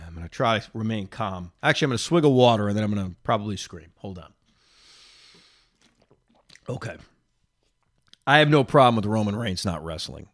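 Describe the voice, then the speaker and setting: This man hosts a reaction podcast on his own, addressing listeners directly with lively, strong opinions while a cough lingers. His pitch sits in the middle, and the studio-quality recording has no echo.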